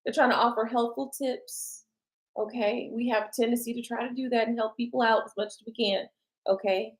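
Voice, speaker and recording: On a low-quality recording, a woman with a slightly high voice speaks at a fairly quick clip while giving tarot readings during a live stream. Lively and talkative, she addresses her audience directly, responds to their comments, and breaks into laughter frequently.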